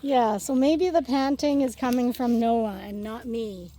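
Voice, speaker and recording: A woman's voice: a little high, measured pace, warm tone. A young adult woman walking dogs, chatting casually and out of breath as she climbs a steep outdoor ravine trail. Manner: chatty and rambling, laughs easily. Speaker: dog walker. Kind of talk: casual vlog chat while hiking.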